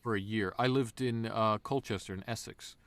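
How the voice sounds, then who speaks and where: A man guest voice actor in a casual interview, an animated storyteller. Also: on the low side, normal speed, no echo.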